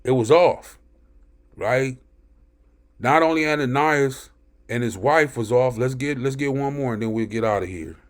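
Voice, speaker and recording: A man's voice: medium pitch, measured pace, long pauses. A man reading scripture aloud and commenting on it in an emphatic teaching style, often checking in with "right?" between verses.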